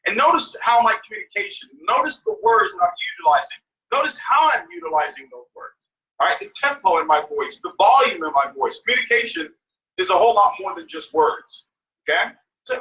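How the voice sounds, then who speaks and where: Emphatic high-voiced male sales coach. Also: very animated, quick pace, sharp tone. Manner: emphatic, repetitive, asks listeners "right?". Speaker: network marketing mentor. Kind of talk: coaching call. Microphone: phone or conference call. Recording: dull, echoey, far from mic.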